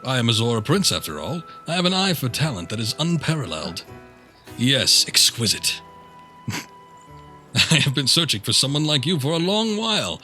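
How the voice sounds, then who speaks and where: A man's voice: medium pitch, very animated, normal speed, sharp tone, soft background music, voice pushed up. Man doing a showy, grandiose fish-folk prince. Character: flamboyant young male fish-like prince, grandly confident.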